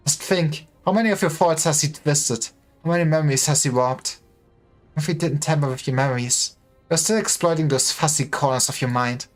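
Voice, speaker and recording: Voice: medium pitch, a little fast. Streamer doing dramatic game story read-through, voices for everyone, faint music behind. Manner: dramatic reading, voicing each character in turn. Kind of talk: reading a game story aloud.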